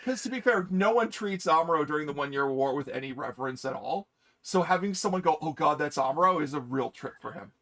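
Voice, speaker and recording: A man's voice: on the high side, animated, quick pace, fairly bright tone. A man running a tabletop game as game master, wry and easily exasperated.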